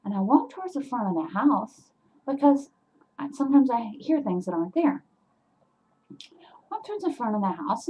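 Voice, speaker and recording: A woman telling an animated story to her webcam at home, getting loud and worked up as she goes. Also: a little high, normal speed, long pauses, slightly rough, low-quality recording. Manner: animated, swings into loud agitated retelling. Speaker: vlogger.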